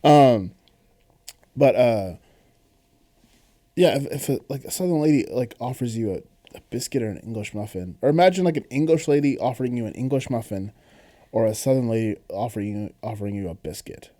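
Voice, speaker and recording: A man's voice: medium pitch, animated, brisk, warm tone. A man co-hosting a podcast in casual chat, rambling with frequent laughs and restarts. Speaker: podcast co-host.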